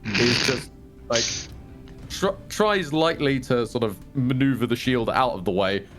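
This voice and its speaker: A man's voice: mid-range voice, a little slow, over music. Wry, chatty male tabletop player. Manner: chatty, wry, laughing asides. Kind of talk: casual tabletop play.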